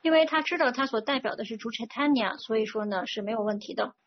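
Woman interpreting a sermon, higher voice. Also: fast. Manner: fluent, with frequent "呢" and "呃" fillers. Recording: dull lo-fi recording with faint noise.

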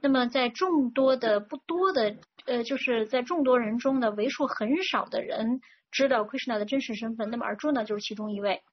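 Her voice runs on the high side and moves fairly quickly as she renders a religious talk phrase by phrase. It's consecutive sermon interpreting, fluent yet full of fillers, captured in a muffled lo-fi recording with a faint hiss.

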